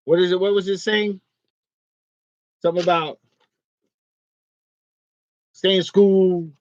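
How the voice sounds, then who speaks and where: Here a reseller vlogger talks in a high, slightly mellow voice, rambling, joking, griping and laughing readily. There's no room sound; the audio is dull, dry and lo-fi.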